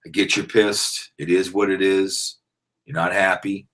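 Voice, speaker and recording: Rambling husky-voiced man hosting a podcast. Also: sits low, a little slow. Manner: rambling, loud excited bursts of trash talk. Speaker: podcast host. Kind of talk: casual live-stream sports chat.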